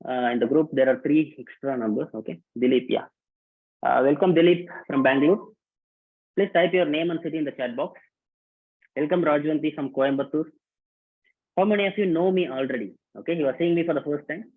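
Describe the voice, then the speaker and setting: A man's voice: on the high side, a little fast. Male workshop host on a video call, casual and repetitive, thin phone-line sound. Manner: casual, repetitive, calls out names and instructions. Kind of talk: live online workshop, greeting participants. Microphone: online video call. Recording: tinny phone-like call audio.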